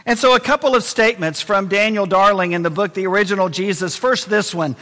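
A pastor preaches briskly in a high, bright voice, alternating between loud emphasis and quiet intensity. A long reverb carries his words, as though he were in a church hall.

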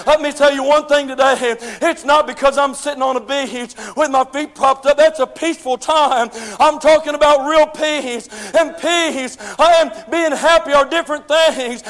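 A man preaching a sermon, telling folksy stories and building to shouted preaching. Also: very high-pitched, big-room sound. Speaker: pastor. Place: church sanctuary.

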